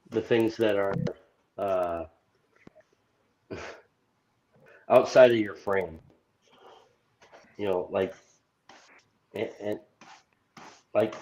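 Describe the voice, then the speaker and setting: A man in a casual discussion, speaking hesitantly with many pauses and fillers. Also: sits low, noisy background. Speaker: discussion participant.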